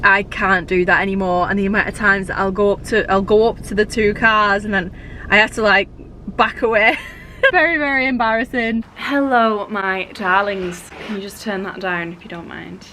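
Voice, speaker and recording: A woman's voice: mid-range voice, fairly even intonation, brisk, pushed and bright, slight background noise. A young woman, heavily pregnant, chatting casually and gushing in a vlog, with the odd swear. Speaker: vlogger.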